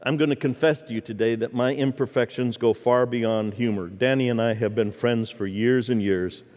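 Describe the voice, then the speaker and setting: A church hall's reverb surrounds a middle-aged man's mid-range voice at normal speed. As guest preacher, he tells stories with animation and trades jokes with the audience in a humorous sermon.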